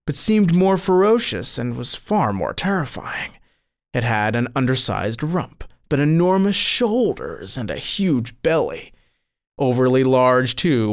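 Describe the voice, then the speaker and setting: Man narrating a saint's dream story. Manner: expressive storytelling, lifting pitch on quoted cries.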